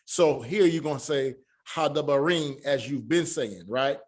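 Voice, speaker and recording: A man teaching an online Hebrew class. He talks haltingly, with many fillers, and spells sounds out slowly. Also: medium pitch.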